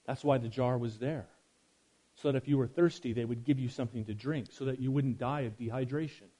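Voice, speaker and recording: A man preaching a sermon, swinging from loud emphasis to hushed quiet and speaking straight to his listeners. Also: medium pitch, fairly even intonation, fairly quick. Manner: addresses listeners directly.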